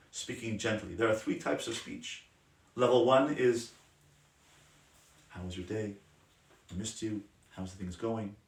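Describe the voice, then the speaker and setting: Rabbi guy teaching a class, passionate then soft, sounds far off in an echoey room. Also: mid-range voice. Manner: passionate, emphatic, drops to soft gentle tones. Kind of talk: Torah class on parenting. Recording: roomy sound from a distant mic.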